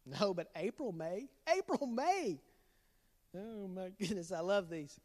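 A man's voice: sits high, sing-song, measured pace. Joking middle-aged man in a hall. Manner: jokey, teasing, laughs at his own jokes. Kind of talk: playful dad jokes to an online youth group.

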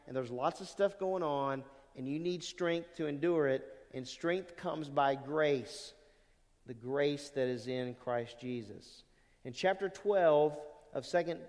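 Animated male pastor in a reverberant hall. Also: fairly high pitch. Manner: animated, swings from loud emphasis to quiet asides. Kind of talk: sermon. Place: church sanctuary. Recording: long church hall reverb.

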